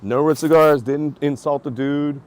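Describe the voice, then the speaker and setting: A man's voice: on the high side, steady tone, normal speed. A man reviewing cigars and beer, telling a rambling story in casual talk and acting out quotes with laughs.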